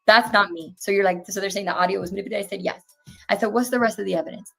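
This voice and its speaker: A woman's voice: mid-range voice, very fast, gravelly, breathy edge, faint music behind. A young woman in her twenties talks as an interview guest in a mid-range voice. She tells a personal story with earnest indignation and acts out every back-and-forth as she goes. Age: 20s. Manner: animated retelling, acting out each exchange.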